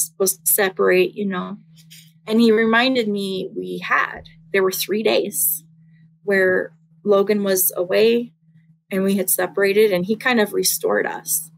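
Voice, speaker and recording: A young woman sharing a personal faith testimony in casual conversation, earnest and halting, with many fillers. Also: mid-range voice, vocal fry, rough recording.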